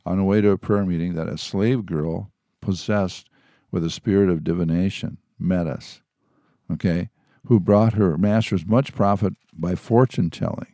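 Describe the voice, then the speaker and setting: A man's voice: deep voice, fairly even intonation, moderate pace, dark tone, no room sound, clean studio sound. A man co-hosting a Christian talk, reading Bible passages aloud and commenting on them in casual asides. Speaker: co-host reading scripture.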